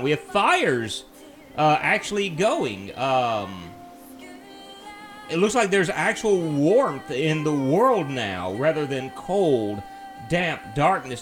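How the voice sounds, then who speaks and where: A man narrates his gameplay in a loose, chatty stream, his fairly high voice rising and falling with lots of life. He talks himself through each moment and pokes fun at himself, with soft game music under him. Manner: chatty, self-mocking, thinks aloud. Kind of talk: casual let's-play commentary.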